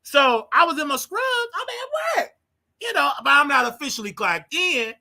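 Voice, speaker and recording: Laughing, animated man host. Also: very high voice, moderate pace, vocal fry. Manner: animated, slangy, laughs often. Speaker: show host. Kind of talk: live call-in show chat.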